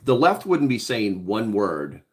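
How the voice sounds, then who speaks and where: A man's voice: fairly low pitch, very animated, measured pace, a little mellow. A middle-aged man hosting a casual livestream, reading chat comments aloud and answering bluntly, with many fillers and restarts. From Hawaii.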